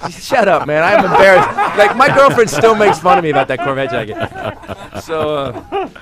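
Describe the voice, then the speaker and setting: A man's voice: sits high, animated, moderate pace, a loud crowd. A man, a comedian, telling rambling stories as a radio studio guest and acting out the voices of the people in them. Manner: rambling, acts out quoted voices, laughs through stories. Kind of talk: animated storytelling on radio. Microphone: studio microphone.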